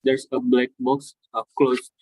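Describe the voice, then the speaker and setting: A hesitant Indonesian-accented man joining an online class on a video call, pausing with fillers and apologizing. His voice is husky and dry, at a mid pitch. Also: completely flat delivery, darkish tone, no room sound, low-quality recording. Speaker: course participant.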